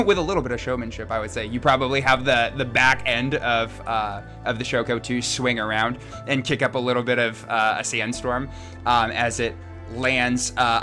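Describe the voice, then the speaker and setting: A man's voice: medium pitch, bright, forceful tone. A man narrating as game master of a tabletop game, rambling and descriptive with many restarts.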